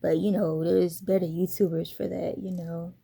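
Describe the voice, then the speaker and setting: A woman's voice: lowish voice, level tone, normal speed, creaky, dark tone, husky. A young woman giving a casual commentary vlog as a YouTuber, talking bluntly with lots of profanity, slang and laughter.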